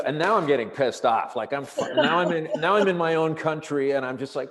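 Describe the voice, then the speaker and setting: A man, a comedian guest, telling stories in animated, profane casual talk, acting out the people he quotes. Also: on the high side, brisk, few pauses. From Canada. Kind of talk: storytelling in casual conversation. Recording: long reverberant room sound.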